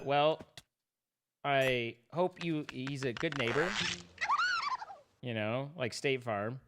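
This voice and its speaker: A man's voice: mid-range voice, slow pace, pauses often, very noisy. A man chatting casually while streaming a game, rambling and joking at his own expense. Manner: rambling, self-mocking joking to chat. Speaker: livestreamer. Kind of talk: casual gaming livestream chat.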